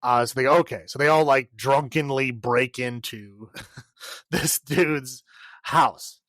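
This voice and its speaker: A man's voice: mid-range voice, fairly even intonation, takes it slowly, a bit bright, no room sound. A man co-hosting a podcast, casually recapping a film in a rambling way, full of filler words and laughs. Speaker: podcast co-host.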